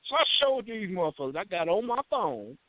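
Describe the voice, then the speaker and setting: A fairly high-voiced man tells stories with lively, swinging pitch and lots of swearing. The sound is narrow and phone-like, and very dry. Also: fairly quick, dry recording. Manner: animated storyteller, swears a lot. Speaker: radio show co-host. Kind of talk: casual profane chat.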